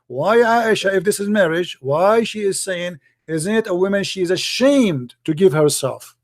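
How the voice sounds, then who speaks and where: A man's voice: sits high, expressive, moderate pace, no echo, studio quality. A man hosting a heated debate, insistent and mocking, repeating his challenges over and over. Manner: mocking and insulting. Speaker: debate host.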